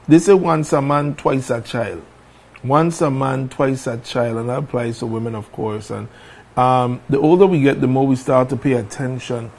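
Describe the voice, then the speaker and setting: A man's voice: mid-range voice, a little mellow. A man hosting a morning talk show, chatting casually, repeating phrases and letting them trail off.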